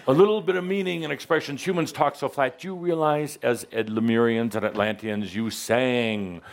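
A man's voice: medium pitch, steady tone, moderate pace, creaky, hardly any pauses. A man giving a playful spiritual talk to a live audience, teasing the listeners and acting out little voices. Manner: theatrical, teasing, acts out voices. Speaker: spiritual teacher addressing a live group.

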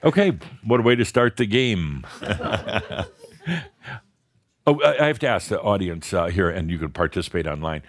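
A man's voice: deep voice, lively intonation, moderate pace, slight background noise. Blunt, laughing male spiritual teacher. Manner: blunt, profane, laughing coaching. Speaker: spiritual teacher leading a session. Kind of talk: live workshop talk with audience.

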